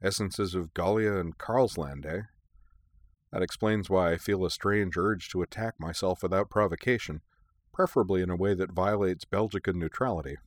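A man reading a storybook voices a wounded man with a dry, deadpan wit. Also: deep voice, moderate pace, no echo, lightly acted.

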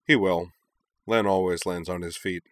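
A man's voice: deep voice, fairly even intonation, moderate pace, fairly bright tone, dry recording. A man voicing a friendly, easygoing young man who jokes casually. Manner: casual, joking.

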